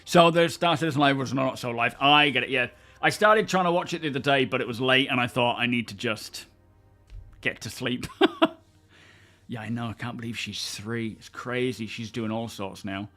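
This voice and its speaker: A man's voice: mid-range voice, normal speed, sharp tone, faint music behind. A man from England hosting a casual live stream, chatting loosely and answering viewers by name. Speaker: livestream host.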